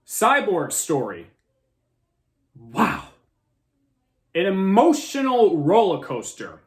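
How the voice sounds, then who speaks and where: Excited high-voiced man ranting about a movie. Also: moderate pace. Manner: excited, rambling, restarts a lot. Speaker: host of a movie review show. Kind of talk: casual movie review monologue.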